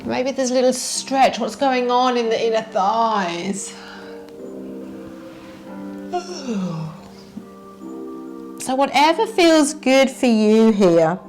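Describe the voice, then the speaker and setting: A woman teacher guiding a yoga warm-up, gently asking the listener what they feel in the body. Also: fairly high pitch, faint music behind. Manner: slow, gentle, inviting questions to the listener. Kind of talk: guided yoga class instruction.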